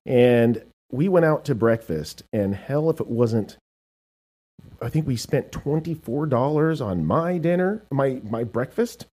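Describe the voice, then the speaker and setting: A man co-hosting a casual talk show, telling lively anecdotes and acting out what people said. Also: medium pitch, unhurried, slight background noise. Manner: animated storyteller, acts out quotes. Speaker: co-host. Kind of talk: casual chat.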